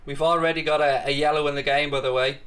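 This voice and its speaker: Cheeky british guy hosting a footy watchalong, calling the game and bantering with the chat, voice sits a bit high. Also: steady tone, fast, a bit bright. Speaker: watchalong host. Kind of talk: live watchalong chat with play-by-play commentary.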